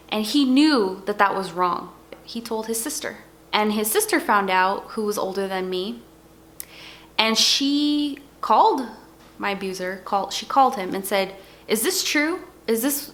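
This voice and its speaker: A woman's voice: mid-range voice, fairly bright tone. A young adult woman speaking earnestly in a personal testimony vlog, leaning on repeated words for emphasis. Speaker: vlogger.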